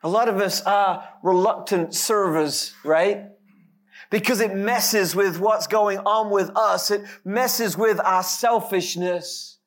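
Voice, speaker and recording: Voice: medium pitch, takes it slowly. A pastor preaching a sermon, speaking emphatically with light, self-deprecating humor.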